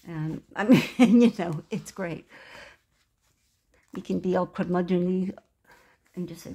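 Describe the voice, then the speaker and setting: A woman's voice: fairly low pitch, unhurried, pauses often, dark tone. A woman in her sixties chatting casually as she shows off a handmade journal, gushing and meandering as she goes. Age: 60s. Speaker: craft vlogger. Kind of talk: casual craft show-and-tell.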